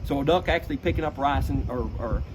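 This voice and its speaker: Man, middle-aged, folksy, animated, duck-call imitations, noisy recording. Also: mid-range voice, fast talker. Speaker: duck-calling expert. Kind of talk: casual explanatory chat with vocal demonstrations. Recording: noisy background.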